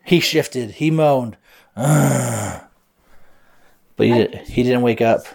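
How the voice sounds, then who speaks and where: A man's voice: medium pitch, normal speed, darkish tone. A man improvising a bedtime story aloud, playful, with silly sound effects.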